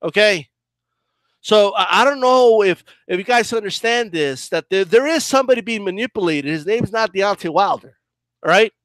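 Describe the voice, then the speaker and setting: A man's voice: sits high, lively intonation, normal speed, a bit bright, no echo. A man with a combative, profane style, ranting heatedly as he reacts to a clip in boxing commentary.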